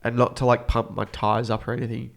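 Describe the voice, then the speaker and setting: A man's voice: medium pitch, little pitch movement, fast, vocal fry. Laid-back young Australian man chatting. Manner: laid-back, slangy, trails off mid-sentence. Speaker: podcast co-host. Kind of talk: casual chat.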